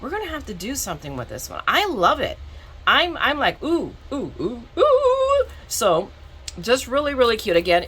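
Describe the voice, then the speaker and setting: Bright-toned chatty woman unboxing crafts. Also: fairly low pitch, slightly rough. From southern Florida. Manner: chatty, rambling, self-mocking, with frequent restarts. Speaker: craft vlogger. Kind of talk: casual unboxing chat.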